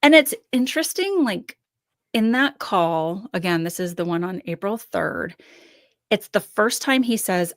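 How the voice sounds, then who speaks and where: A woman's voice: medium pitch, lively intonation, measured pace, no echo, studio quality. A woman guest on a podcast, talking through her analysis in a thoughtful, hedging way with frequent restarts. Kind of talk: casual analytical discussion.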